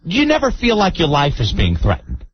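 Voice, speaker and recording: A male radio host telling a story in an animated, mock-dramatic way, on a muffled radio broadcast with faint hiss. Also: a little high, moderate pace. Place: radio studio.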